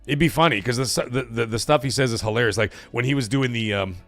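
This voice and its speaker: A man's voice: medium pitch, quick pace, a bit bright, no room sound, faint music behind. A man hosting a casual live stream, rambling, swearing and saying "like" a lot. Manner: rambling, swears, heavy use of "like". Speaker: livestream host.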